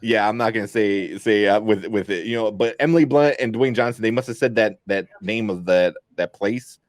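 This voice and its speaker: A man's voice: fairly low pitch, brisk, no echo, studio quality. A young man co-hosting a casual movie review chat, rambling with lots of fillers and restarts. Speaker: podcast co-host.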